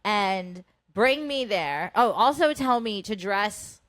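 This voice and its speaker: A woman in her thirties co-hosts a podcast, telling a casual story with animated energy, heavy swearing, and acted-out voices for the people in it. Her mid-range voice moves slowly, with no echo.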